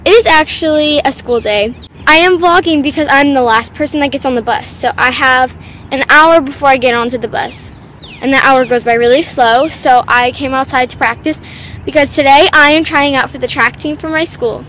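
A teenage girl talks to her camera outdoors, rambling casually from one thought to the next. Her voice sits high, and there is faint noise in the background. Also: normal speed, a bit bright. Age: teens. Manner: chatty, rambling. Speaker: vlogger. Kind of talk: casual vlog. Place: outdoors by a tennis court.

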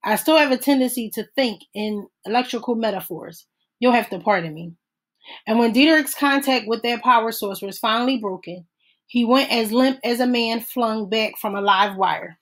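Woman narrator, measured steady audiobook reading. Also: fairly high pitch, rough recording. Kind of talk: audiobook read-aloud.

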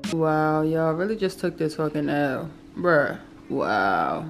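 A woman's voice: deep voice, very animated, slow pace. A young woman and mother chatting casually to viewers at home, slangy and laid-back, talking straight to the camera. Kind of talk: casual home vlog chat. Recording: echoey room with long reverb, faint music.

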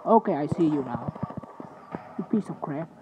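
A man giving sleepy, swear-filled gaming commentary, trash-talking opponents and mocking himself, with loud game noise underneath. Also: on the high side, expressive, moderate pace. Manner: sleepy, swearing trash talk with self-mockery. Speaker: gamer. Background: loud game sounds.

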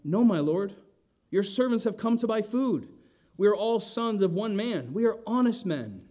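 Nervous grown brothers babbling and pleading before a ruler, as a pastor puts them on. The voice rides high and pushes louder, eager to be believed. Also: male voice, expressive, moderate pace.

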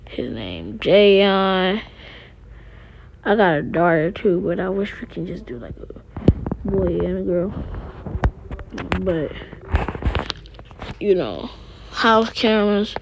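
A gaming vlogger with a medium-pitched, animated voice speaks slowly with vocal fry and frequent pauses against a noisy background. She chats casually to viewers while playing a life-sim game, rambling in slang and mixing commentary with role-play.

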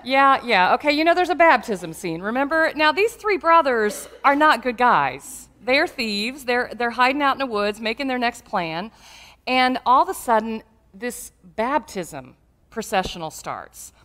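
Animated woman preaching a sermon. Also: fairly high pitch, unhurried. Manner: animated, humorous storytelling. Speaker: pastor.

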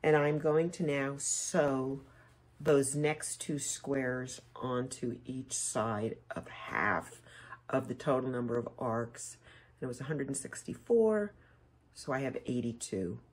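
Speaking at an extremely low pitch and a slow pace, a female quilting instructor chats casually with viewers while she sews. It's a relaxed sewing tutorial, with her talking to the audience as she works.

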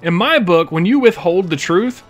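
A man's voice: high-pitched, lively intonation, moderate pace, soft background music. A man giving emphatic, opinionated gaming commentary as a YouTuber, indignant and sarcastic at times.

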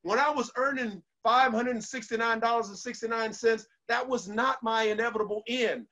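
A man with a fairly high voice delivers a motivational speech. He sounds bright and forceful, and he hammers each point home by repeating it. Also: moderate pace, muffled recording. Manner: emphatic, repetitive affirmations. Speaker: motivational speaker.

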